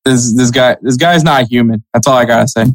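A man's voice: mid-range voice, brisk, dry recording, rough recording. Laughing male soccer podcast host. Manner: laughs often, reads sponsor spots. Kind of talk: casual soccer podcast chat.

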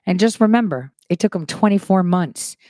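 Woman commentator, animated casual monologue, mid-pitched, close and dry. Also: no echo. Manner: animated, quick shifts from soft asides to emphatic rises. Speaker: online commentator.

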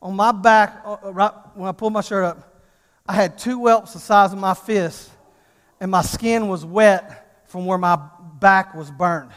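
A middle-aged male pastor preaching a sermon, telling a comic story with excitable energy before turning to earnest pleading. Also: high-pitched, unhurried, smooth. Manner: animated, excitable storytelling that builds to urgent pleading. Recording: long hall reverb.

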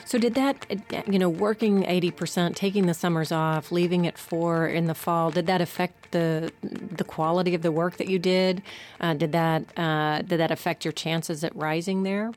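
A woman interviewer asking questions in a halting, searching way. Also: fairly low pitch, fairly even intonation, a little mellow.

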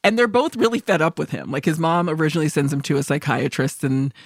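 A woman's voice: deep voice, fast, dry recording, studio quality. A woman co-hosting a podcast about films, talking casually, laughing often and acting out lines in other voices. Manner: chatty, laughs often, acts out quotes. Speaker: podcast co-host. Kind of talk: casual film discussion.

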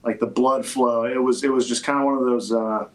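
A man, a football player, answering interview questions in a halting way with many fillers and restarts. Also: mid-range voice, fairly even intonation, rough recording. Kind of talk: interview conversation.

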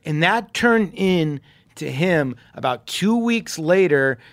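A man's voice: on the high side, slow pace, no room sound. A man telling a long story on a podcast, jumping into the voices of the people he quotes, with plenty of ums. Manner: animated, acts out quoted voices, many ums. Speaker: podcast co-host, former baseball player. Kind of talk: casual storytelling.

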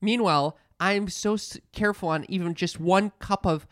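Animated man telling stories, dry sound. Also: high-pitched, normal speed, dry recording. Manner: animated storyteller, swears, acts out quotes. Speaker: podcast co-host. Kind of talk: casual chat.

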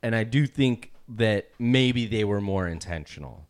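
A man co-hosting a podcast in casual chat, laughing often and pausing with fillers. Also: fairly low pitch, lively intonation. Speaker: podcast co-host.

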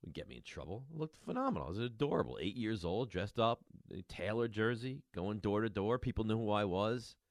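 A man in his forties hosts a call-in sports radio show with an emphatic, teasing delivery. His pitch swings widely as he pushes his points, and the studio sound is dry and close. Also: expressive, fairly quick, hardly any pauses, dry recording. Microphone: studio microphone.

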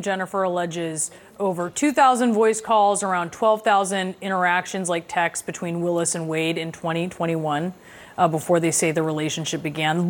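A woman anchoring a news program, interviewing a legal analyst in a crisp, questioning way. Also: fairly low pitch.

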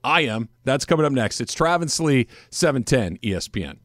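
A man's voice: mid-range voice, animated, brisk, a bit bright, dry recording. A male sports radio host talks bluntly and with emphasis in casual banter. His voice sits mid-range, recorded close and dry.

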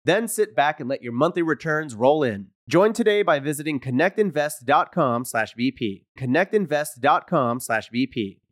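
Lively male podcast ad reader. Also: moderate pace, few pauses, dry recording, clean studio sound. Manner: upbeat sales pitch. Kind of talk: scripted podcast ad read.

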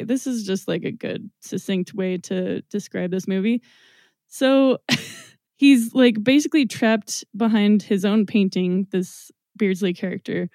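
A woman on a podcast, talking casually and rambling through a story, full of fillers and easy laughter. Her voice is mid-pitched and recorded close and dry, with no room sound. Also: a little mellow, no echo. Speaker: podcast guest presenting a film. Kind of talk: casual chat.

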